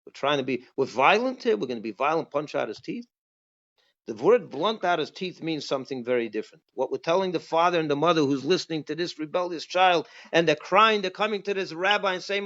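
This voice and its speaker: A rabbi whose high voice sounds a bit bright gives an emphatic Passover class, constantly asking his listeners rhetorical questions. The audio quality is dull and lo-fi.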